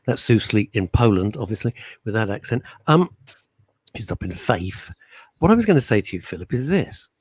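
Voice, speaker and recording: A man's voice: lowish voice, normal speed, husky, no echo. A middle-aged man co-hosting a radio talk show, teasing and opinionated, speaking into a studio microphone. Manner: brash, teasing, animated and opinionated.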